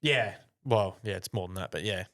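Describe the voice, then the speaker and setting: A man's voice: sits low, moderate pace, fairly bright tone. Sweary man telling a story. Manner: swears a lot, rambling anecdote. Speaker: podcast co-host. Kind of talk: casual storytelling chat.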